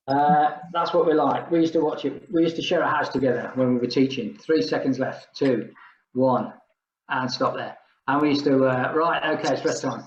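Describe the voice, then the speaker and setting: A man's voice: mid-range voice, normal speed, echoey room, highs cut off, slight background noise. An older man leading an exercise class, chatting and joking between rounds while he counts down the reps. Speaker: fitness instructor.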